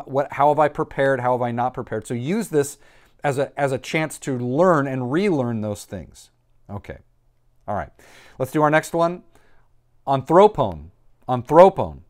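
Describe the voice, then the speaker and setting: A man of ordinary pitch teaches a recorded lesson and walks through each answer with patience. He reassures his students and pauses to think aloud as he writes on the board. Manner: patient, reassuring, explains step by step. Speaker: Greek teacher.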